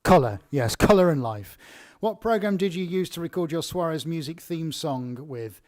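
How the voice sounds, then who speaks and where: An English man in a fairly high register chats through a live-stream Q&A, reading out viewer questions and then answering them. His talk is loose and friendly, full of "um"s and restarts, and the sound is dry and close with little room. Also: expressive, normal speed, darkish tone, dry recording. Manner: chatty, reads questions aloud then answers with fillers and restarts. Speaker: artist hosting a live Q&A.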